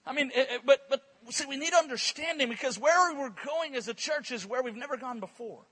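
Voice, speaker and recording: High, husky-voiced animated preacher man. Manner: animated, repeats words in quick bursts. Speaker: guest preacher. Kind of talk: sermon with storytelling. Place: church conference service.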